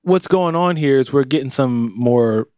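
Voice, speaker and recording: A man co-hosting a podcast, teasing his partner and thinking aloud in an easy chat. His pitch is ordinary and middling. The recording is close and dry, with little room sound. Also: measured pace, dark tone, clear, resonant tone, dry recording. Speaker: podcast co-host. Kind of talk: casual chat. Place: podcast studio.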